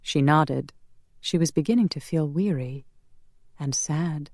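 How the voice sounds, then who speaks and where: An audiobook narrator reading a romance in a measured, calm manner. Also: medium pitch, no room sound, studio quality. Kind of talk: scripted narration.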